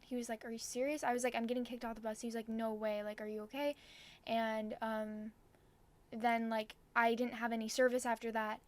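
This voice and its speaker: A woman's voice: on the high side, no room sound. A woman in her twenties telling a personal story to camera, chatty and full of "like". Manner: chatty, heavy use of "like". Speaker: vlogger. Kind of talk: storytime vlog.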